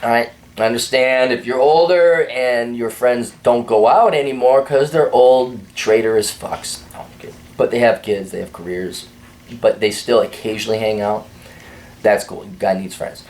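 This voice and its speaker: A man's voice: mid-range voice, normal speed, darkish tone. A man hosting a casual opinion monologue in a blunt, crude and sardonic way. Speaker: host.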